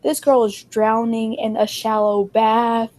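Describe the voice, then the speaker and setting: A young woman co-hosting a casual chat, telling a wild story and acting out the people in it with her voice jumping up high. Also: takes it slowly. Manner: animated, acts out quotes in a raised voice. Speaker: podcast co-host.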